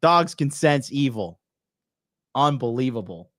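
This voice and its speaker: A man hosting a reaction commentary show, talking in a slangy, animated way with lots of swearing and laughing. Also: medium pitch, measured pace, no room sound, studio quality. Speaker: dating commentary host.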